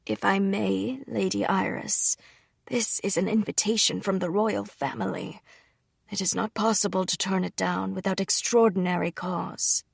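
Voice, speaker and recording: A woman's voice: medium pitch, fairly even intonation, moderate pace, vocal fry, husky, no room sound, studio quality. A woman voicing a formal, dutiful male steward who speaks politely in a storybook reading.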